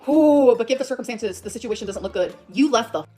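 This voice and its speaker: A woman's voice: fairly high pitch, animated, brisk, dark tone, husky, faint music behind. A woman vlogger ranting emotionally in a rambling, profane way. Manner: rambling, profane, shifts between laughing and upset. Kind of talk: emotional vlog rant.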